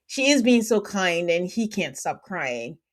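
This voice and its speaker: A woman's voice: on the low side, unhurried. A woman hosting a podcast, chatting casually and acting out quotes with lots of laughter. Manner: animated, laughing, acts out quotes. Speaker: podcast host. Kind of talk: casual recap chat.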